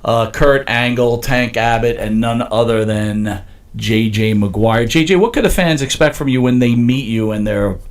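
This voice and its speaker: A man hosting an interview, interjecting quick questions and promoting an event. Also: medium pitch. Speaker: host. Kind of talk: casual interview.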